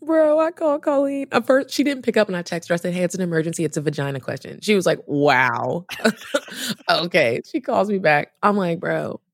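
A woman telling a story in casual chat, animated and profane, acting out the voices of people she quotes. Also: on the low side, a little fast, no room sound, clean studio sound. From Texas.

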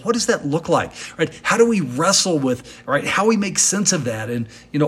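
A man's voice: fairly high pitch, a bit bright, slightly rough. A male pastor delivering an earnest, emphatic sermon, asking the congregation rhetorical questions as he preaches.

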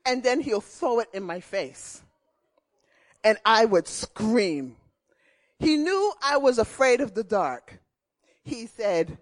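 A middle-aged woman preaching a sermon, telling personal stories in an animated way and repeating key phrases. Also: fairly high pitch, slow.

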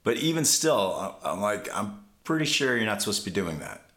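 A man's voice: on the low side, a little fast. A man in casual podcast chat, telling stories with lots of energy and plenty of swearing. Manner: animated storyteller, swears freely. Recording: roomy echo.

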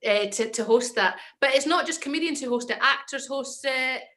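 A woman's voice: high voice, moderate pace, fairly bright tone. A young Scottish woman, an actress and comedian, chatting as a podcast guest and telling stories with confident enthusiasm. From Scotland. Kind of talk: casual podcast chat.

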